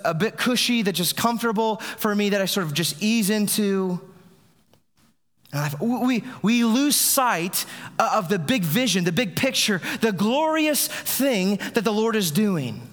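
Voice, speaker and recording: Man, pastor preaching, fairly high voice, chatty with restarts, long hall reverb. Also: fairly bright tone. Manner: conversational preaching with frequent restarts. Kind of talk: sermon.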